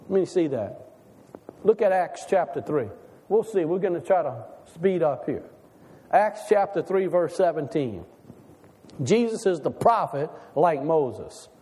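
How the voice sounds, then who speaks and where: A man with a high voice preaches in a relaxed, folksy manner, peppering his sermon with rhetorical questions. His words ring out with the long reverb of a large church hall. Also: unhurried, breathy edge. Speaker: pastor.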